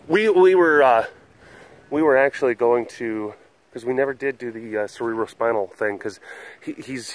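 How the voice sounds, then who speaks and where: Casting note: a chatty male host walking an animal compound outdoors, average-pitched voice, rambling and animated, slips into baby talk with the animals. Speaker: host of an animal facility webcast. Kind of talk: casual vlog chat.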